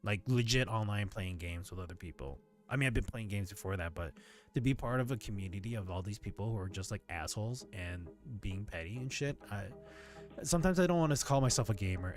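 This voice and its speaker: A man's voice: on the low side, expressive, a little fast, soft background music. Rambling, swearing male streamer. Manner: rambling, ranting, swears freely. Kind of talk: casual live-stream chat.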